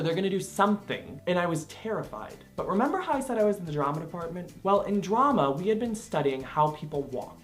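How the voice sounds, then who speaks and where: A young man telling a personal story to camera, animated and expressive, acting out quotes with laughter along the way. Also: high voice, fast, few pauses, soft background music. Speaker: vlogger.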